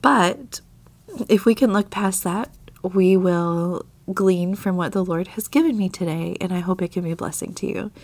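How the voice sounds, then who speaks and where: A woman's voice: on the low side, moderate pace, dry recording. A woman hosting a devotional podcast, speaking earnestly with a slightly scratchy voice as she gets over a mild illness. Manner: earnest, confessional, soft laughs. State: scratchy voice from tail end of an illness. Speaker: podcast host. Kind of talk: devotional Bible talk.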